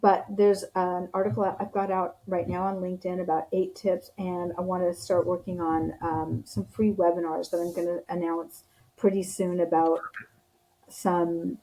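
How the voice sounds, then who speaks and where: Woman guest, leadership coach; mellow, soft-toned, earnest, encouraging, lots of "um" and "you know". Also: fairly low pitch, little pitch movement, moderate pace, low-quality recording. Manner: earnest, encouraging, with frequent fillers and restarts. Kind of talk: casual interview chat.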